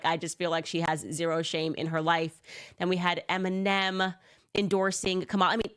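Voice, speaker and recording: Woman host, mocking commentary, casual delivery, lower register. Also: a bit bright. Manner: sarcastic, casual, filler-heavy.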